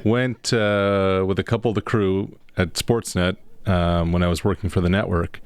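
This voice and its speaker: A man co-hosting a live sports radio show, telling stories in a casual, animated way. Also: low-pitched, normal speed. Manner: storytelling, animated when making a point. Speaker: sports broadcaster co-host. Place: radio studio.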